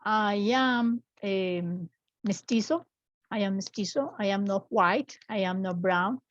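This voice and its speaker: A woman in her fifties teaching an English class from home over a video call, explaining slowly and patiently with repeated examples. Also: mid-range voice, no echo, highs cut off. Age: 50s.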